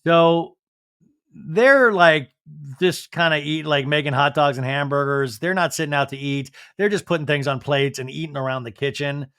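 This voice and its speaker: A man hosting a podcast, recapping a show in a jokey, animated way and acting out quotes. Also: on the high side, normal speed, smooth, no echo, clean studio sound. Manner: animated, jokey, acts out quotes in different voices. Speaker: podcast host. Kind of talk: casual recap commentary.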